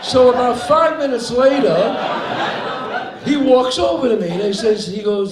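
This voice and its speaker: An older man with a New York accent from the Bronx, telling an animated story on a theater stage and acting out the people in it. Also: very high-pitched, moderate pace. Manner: animated raconteur, acts out the people in his stories. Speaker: guest actor on stage. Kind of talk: live onstage storytelling. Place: theater stage before an audience. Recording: roomy live venue with crowd.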